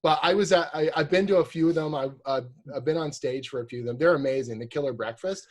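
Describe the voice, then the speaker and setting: A man, a guest author on a podcast, telling animated anecdotes in casual chat. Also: a little high, fast. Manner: animated storyteller, acts out voices in quotes.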